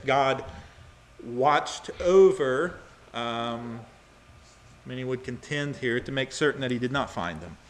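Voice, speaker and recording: Male Bible teacher, halting delivery full of fillers, bright and forceful tone. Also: a little high, a little hiss or hum. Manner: halting with many fillers, dramatizes readings.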